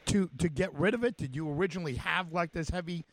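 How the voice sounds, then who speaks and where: A man with a New York accent hosting a radio interview, talking in a halting way with lots of fillers and restarts. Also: on the high side, no room sound. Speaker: radio show host.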